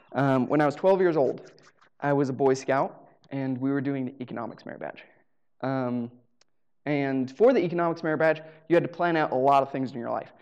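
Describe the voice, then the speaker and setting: A man's voice: on the high side, a little mellow, muffled recording. A man telling a funny story live. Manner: casual, humorous, acts out dialogue. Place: live show venue.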